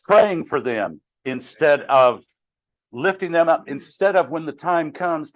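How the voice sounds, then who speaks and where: Slow-talking man teaching Bible class. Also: mid-range voice, dry recording. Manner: conversational, questions the class, jokes. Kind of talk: interactive Bible study teaching.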